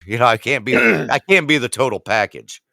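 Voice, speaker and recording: Man in his 40s, podcast co-host; bright tone, dry close sound, profane self-mocking storyteller. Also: sing-song, brisk, vocal fry, no room sound. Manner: profane, self-mocking, acts out quotes with rising pitch. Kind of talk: casual storytelling.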